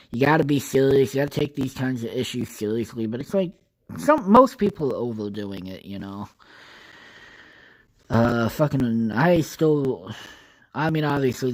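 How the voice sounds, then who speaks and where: A man's voice: mid-range voice, rough recording. A young man hosting a solo podcast, rambling casually with constant swearing and filler words. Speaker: podcast host.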